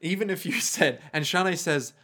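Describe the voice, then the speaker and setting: A man's voice: a little high, moderate pace, bright, forceful tone. A man co-hosting a comedy podcast, making dry, sarcastic jokes about an anime and putting on mock-dramatic voices. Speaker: podcast co-host. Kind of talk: comedic anime recap chat.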